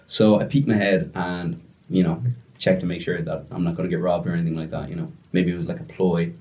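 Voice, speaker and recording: A man's voice: sits low, little pitch movement, a little fast, a little mellow. An Irish man, a podcast guest, telling a story in a loose, chatty way with plenty of fillers. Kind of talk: casual storytelling. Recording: distant and dull lo-fi sound.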